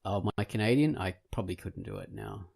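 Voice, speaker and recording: A man hosting a podcast in casual, jokey chat, with a gravelly, husky voice. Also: lowish voice, brisk, a little mellow. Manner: jokey, laughs easily. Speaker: podcast host.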